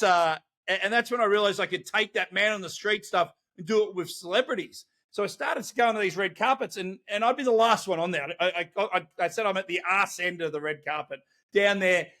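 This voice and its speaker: An Australian man tells stories with lots of energy and frequent laughs in a relaxed podcast conversation. His voice sits high and sounds bright. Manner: animated storytelling, laughs often. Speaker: guest, celebrity interviewer. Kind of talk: casual podcast chat.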